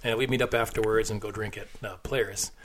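A man's voice: on the low side, fairly even intonation, brisk, a bit bright, slight background noise. A man hosting a podcast, telling a rambling, crude anecdote with frequent laughs and fillers.

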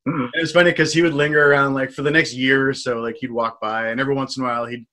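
Bright-voiced man telling bar stories. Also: medium pitch, very fast. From Washington State, USA. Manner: animated storyteller, laughs often, many fillers. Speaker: podcast host and bartender. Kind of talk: casual chat.

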